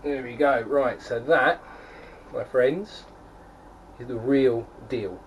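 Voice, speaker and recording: A man's voice: medium pitch, slow. A young man casually chatting to camera at home beside his keg setup, rambling with plenty of fillers and restarts. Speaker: homebrewing vlogger. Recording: distant mic, faint background noise.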